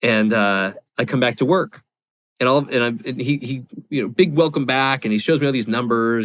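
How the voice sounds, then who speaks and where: A man's voice: mid-range voice, moderate pace, fairly bright tone, dry recording. A man in his forties, a podcast guest, telling a personal story candidly in a rambling, confessional way with lots of fillers. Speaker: podcast guest, real estate investor.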